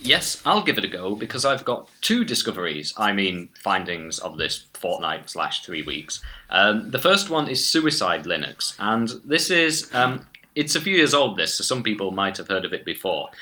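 A man with a very bright, forward voice, chatting as a podcast co-host. He cracks dry jokes and chuckles between points. His pitch sits somewhat low. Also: sing-song, normal speed, a little hiss or hum. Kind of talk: casual chat.

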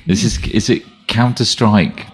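A man's voice: lowish voice, fairly even intonation, measured pace, breathy edge. A man co-hosting a casual tech podcast, talking in rambling bursts and often restarting his sentences. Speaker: podcast co-host.

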